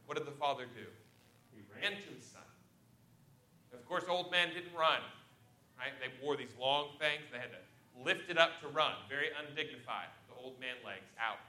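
A man preaching a sermon to his congregation, telling Bible stories with big swings between loud and soft. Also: mid-range voice, normal speed, a little hiss or hum. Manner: animated storytelling with sharp swings in loudness. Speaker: pastor. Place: church sanctuary. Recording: roomy church echo.

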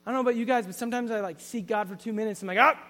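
A man's voice: high voice, fairly even intonation, racing, in a large hall, slight background noise. A man preaching a sermon in an earnest storytelling way, often restarting his sentences.

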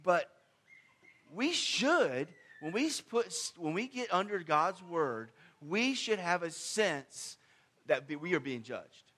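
A man preaching a sermon in a conversational style, with sudden emphatic swings in pitch and loudness. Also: sing-song, takes it slowly. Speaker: pastor.

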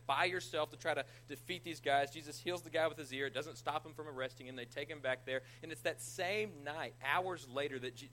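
Bright-voiced man preaching casually. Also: on the high side, a little hiss or hum, rough recording. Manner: conversational, self-deprecating humor, animated retelling. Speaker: pastor. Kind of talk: sermon.

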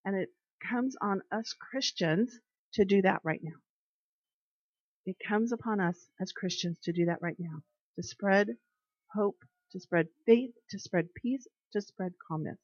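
A woman leading an informal devotional talk, reading scripture and telling everyday stories in an earnest, conversational way, slowing down to stress key phrases. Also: mid-range voice, lo-fi sound. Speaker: Bible study leader.

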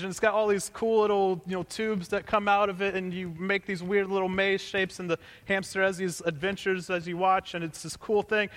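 A man's voice: high voice, fairly bright tone, in a large hall. A young male pastor telling a joking personal story as part of a sermon, in a conversational way.

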